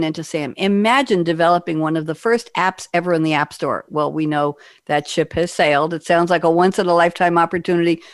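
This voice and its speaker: A woman's voice: sits low, dry recording, studio quality. A woman hosting a radio panel show, upbeat and gushing, leading her guests with questions.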